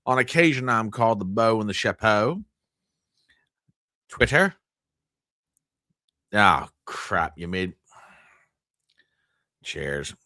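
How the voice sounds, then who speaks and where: A man's voice: fairly low pitch, big pitch swings, slow, long pauses, sharp tone, no room sound. A man hosting a casual livestream news chat, joking playfully and bantering with viewers in the chat. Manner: playful, self-mocking, banters with live chat. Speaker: host.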